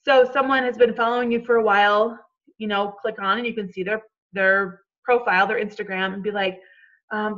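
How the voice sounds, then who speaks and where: A woman's voice: mid-range voice, steady tone, a little fast, a bit bright, lo-fi sound. A woman coaching her team on a call in a chatty, encouraging way, checking in often with "okay?".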